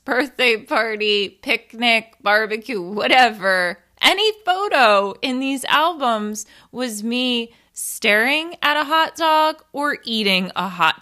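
A woman's voice: medium pitch, pushed and bright. A woman in her thirties telling a candid, funny family story in a casual monologue, swearing and laughing at herself. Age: 30s.

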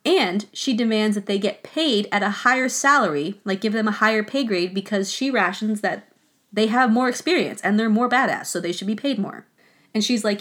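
A woman's voice: mid-range voice, moderate pace, a bit bright. A woman hosting a podcast, telling a history story in a casual, chatty way, full of filler words and swearing. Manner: chatty and profane, heavy use of filler words. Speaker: podcast host.

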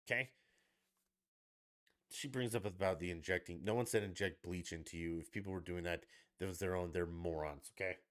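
Low-voiced man ranting bluntly. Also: a little fast. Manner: blunt, profane, sarcastic. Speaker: podcast host. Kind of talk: angry political rant.

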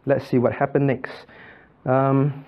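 A male pastor teaching a Bible study, calling on students by name and repeating points with quick checks like "okay?" and "right?". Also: mid-range voice, little pitch movement, highs cut off.

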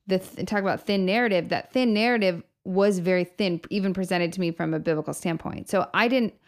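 A woman's voice: medium pitch, a little fast. A woman hosting a podcast, chatting casually and reflectively about faith, often laughing as she talks. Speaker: podcast host.

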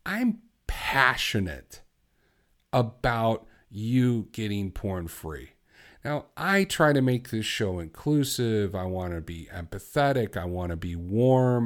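A man hosting a solo podcast, talking bluntly and exhorting his listeners, moving from quiet reflection to fervent conviction. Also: on the low side, expressive, measured pace. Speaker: podcast host. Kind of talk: impassioned solo podcast talk.

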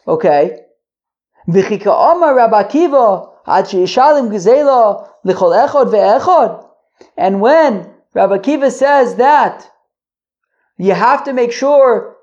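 A woman's voice: fairly high pitch, darkish tone. Woman teaching Talmud, thinking aloud. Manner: thinks aloud, restarts sentences, asks listeners questions. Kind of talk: casual Talmud lesson. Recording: dull lo-fi audio.

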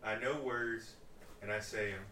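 A man's voice: on the low side, fairly even intonation, unhurried, pushed and bright, far from the mic. A man co-hosting a casual chat, bantering good-humoredly and defending himself. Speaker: co-host. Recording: roomy, off-mic.

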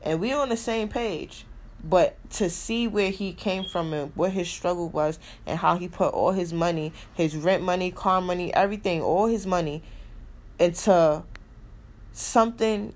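Emphatic lower-voiced woman podcaster. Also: moderate pace, darkish tone. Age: adult with a son. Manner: emphatic, repeats key phrases, swears freely. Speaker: podcast host. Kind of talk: casual motivational monologue.

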